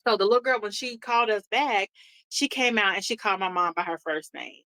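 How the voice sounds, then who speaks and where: A woman's voice: mid-range voice, brisk, sharp tone, dry recording. A woman co-hosting a podcast, telling a family story in casual chat and acting out the people she quotes. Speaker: podcast co-host.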